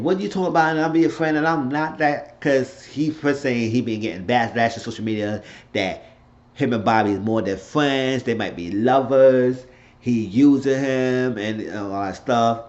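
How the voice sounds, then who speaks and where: A man talking through a TV episode in a loose, rambling way and giving his blunt opinions as he goes. His voice sits at a middle pitch, and the recording sounds dull and lo-fi. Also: darkish tone. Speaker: TV show reviewer. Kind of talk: casual unscripted recap.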